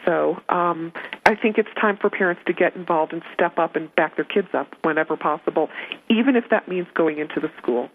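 A woman's voice: lowish voice, brisk, a little hiss or hum. Earnest woman giving advice over a phone line. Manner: earnest, emphatic, repeats key points. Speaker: parenting advice guest. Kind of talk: advice on a talk show. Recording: narrow phone-line sound.

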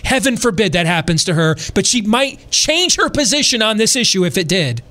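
A man's voice: high voice, very animated, brisk, sharp tone. A middle-aged man hosting a podcast, delivering a preachy, impassioned political commentary full of rhetorical questions. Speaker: podcast host.

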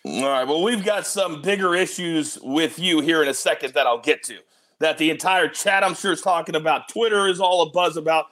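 A man hosting a sports betting show, animated and joking as he teases his guests. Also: a little high, a little fast.

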